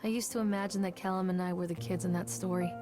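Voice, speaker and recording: An actress playing a mother in a game, speaking in a quiet, brooding, reflective way. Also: fairly low pitch, fairly even intonation, fast talker, close to an everyday voice. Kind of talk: scripted game voice acting. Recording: music behind the voice.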